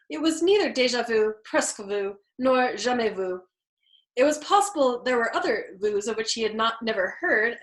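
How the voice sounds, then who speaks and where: A woman reads a novel aloud with lively, shifting emphasis. Her voice sits a little high. The recording carries a noticeable room echo. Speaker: reader. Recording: echoey room.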